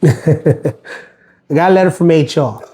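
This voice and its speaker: A middle-aged man talks through a casual livestream, aggrieved and rambling, stumbling over fillers and restarts. His voice sits a little high for a man, with a mellow, dark tone. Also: measured pace. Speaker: postal worker livestreaming.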